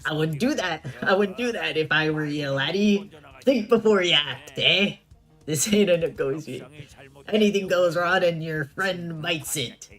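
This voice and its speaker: Streamer reads as cocky pirate captain, put-on pirate accent, menacing, pitched up, unhurried delivery. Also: fairly bright tone, soft background music, natural voice. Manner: growling old-timey pirate speech. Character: swaggering male pirate kidnapper captain. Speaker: streamer reading game dialogue.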